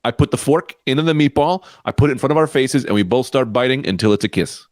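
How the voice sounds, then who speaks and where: A man in playful comedic chat whose pitch swings widely as he spins goofy bits and laughs along. His voice sounds dry and close, with no room echo, over a video call. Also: quick pace. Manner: playful, lively, laughs often. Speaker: podcast co-host, comedian.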